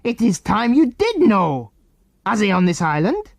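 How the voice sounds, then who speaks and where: A man voicing a suspicious, menacing foreign enemy man who interrogates children in a storybook reading, slow and commanding. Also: high voice, wildly swooping pitch, gravelly, dry recording, voice pushed up, full character voice. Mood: stern. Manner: stern, commanding, slow and deliberate.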